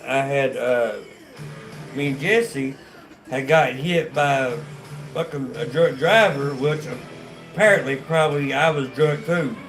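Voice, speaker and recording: A man's voice: mid-range voice, a little slow, a bit bright, soft background music. A man with a North Carolina accent telling his life story on a casual livestream, rambling and profane, with many restarts and fillers. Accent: North Carolina Southern.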